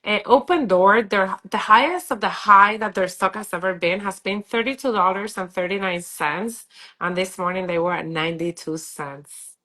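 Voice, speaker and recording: Bright-voiced stuffy woman hosting a stream. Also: medium pitch, moderate pace. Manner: chatty, upbeat, many fillers. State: stuffy-nosed from a cold. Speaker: real estate agent hosting a live stream. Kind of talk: casual live-stream talk.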